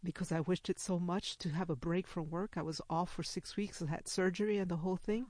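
A woman's voice: on the low side, a little fast, dry recording. An older woman telling a personal story, laughing often and acting out what others said. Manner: animated, laughs while telling, acts out others' lines.

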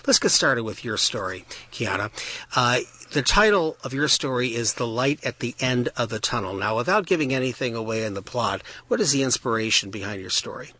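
Husky, bright-toned male interview host. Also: medium pitch, animated, brisk. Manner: effusive, repeats words for emphasis. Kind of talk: broadcast interview with students.

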